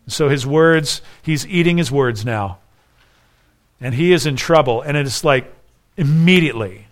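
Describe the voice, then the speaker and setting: A male preacher with a fairly high voice delivers an expository sermon. He acts out the quoted lines with raised emphasis and drops into quiet asides. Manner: shifts between soft asides and raised emphasis. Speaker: pastor.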